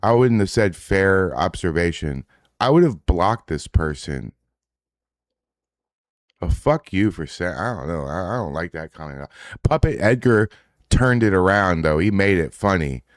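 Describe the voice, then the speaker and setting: With a low voice, lively intonation and normal speed, a male streamer reacts to social media posts in casual livestream commentary. He rambles and swears, adding indignant asides, and the clean studio sound has no room echo.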